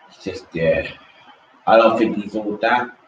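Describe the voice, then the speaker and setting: A man's voice: lowish voice, unhurried, muffled recording, a little hiss or hum. Rambling man, echoey and distant. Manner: rambling, repeats himself, slangy and dismissive. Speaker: host. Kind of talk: casual football rant. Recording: echoey room from far off mic.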